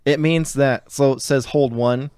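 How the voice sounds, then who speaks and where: A man's voice: mid-range voice, steady tone, measured pace, a little mellow, clean tone, no echo, poor audio. A man explaining rules and narrating scenes as game master in casual chat. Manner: explanatory, casual, says "you know" a lot.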